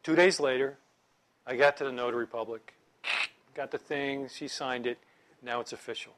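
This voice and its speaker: A middle-aged man teaching a Bible class in a lively, conversational way, joking with his listeners. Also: mid-range voice, moderate pace.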